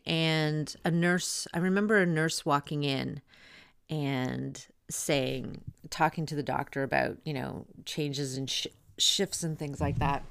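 Low gravelly woman telling a story. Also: no echo, clean studio sound. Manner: candid, chatty, blunt, with fillers and asides. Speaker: podcast host and doula. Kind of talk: casual personal storytelling.

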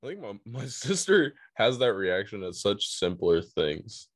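A man's voice: fairly low pitch, very animated, a little slow, dry recording, clean studio sound. A man co-hosting a casual podcast chat who laughs along and adds short replies. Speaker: podcast co-host.

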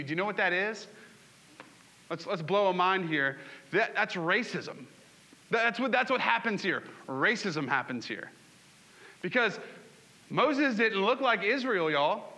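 A man's voice: high-pitched, animated, unhurried, pauses often, pushed and bright. A man preaching a sermon, asking the congregation questions and acting out scripture scenes. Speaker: pastor.

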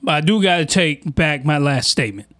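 A man's voice: a little high, expressive, a little fast, a bit bright. A man hosting a crude comedic reaction commentary, talking in rowdy, slangy, exaggerated outbursts. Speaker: commentary host.

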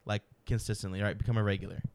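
A man hosting a casual home podcast, telling a story in an animated way and acting out the quoted lines. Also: fairly low pitch, rapid-fire, vocal fry, a little hiss or hum. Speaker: podcast host. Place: home room.

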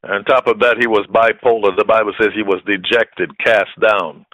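Impassioned male preacher, bright dry voice. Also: lowish voice, fairly even intonation, moderate pace, no echo, muffled recording. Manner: impassioned, rising to shouted peaks; repetitive emphatic phrasing. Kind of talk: sermon.

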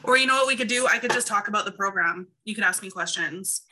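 A woman's voice: medium pitch, fast, bright, forceful tone. A woman podcast host and mindset coach in casual chat, laughing and flustered as she retakes her intro. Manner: laughing, flustered, swearing at her own slips.

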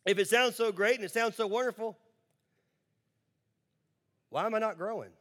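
Man, pastor, sermon, higher-pitched voice, emphatic, quick asides and slow drawn-out words, church congregation. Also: a bit bright.

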